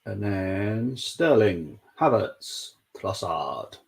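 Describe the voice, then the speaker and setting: A young man with a low, gravelly, husky voice, chatting loosely through a live football watchalong. He reads out viewer messages and laughs often as he goes. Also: sing-song, drawn-out words. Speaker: watchalong stream host.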